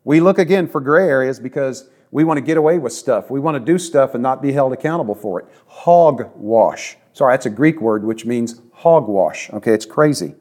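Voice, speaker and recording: A man's voice: mid-range voice, a little fast, few pauses, darkish tone. A man preaching a sermon in an earnest, conversational way, leaning on emphatic repetition. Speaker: pastor.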